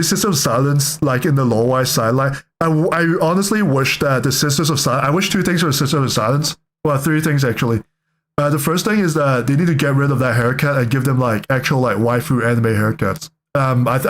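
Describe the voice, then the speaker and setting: A young man giving casual reaction commentary, rambling and joking, often correcting himself mid-sentence. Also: mid-range voice. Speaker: reaction streamer.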